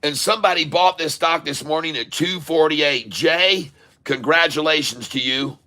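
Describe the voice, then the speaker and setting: A man hosting a live day-trading stream, calling out prices and coaching viewers in an excitable, repetitive way. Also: on the high side, moderate pace. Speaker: day-trading livestream host.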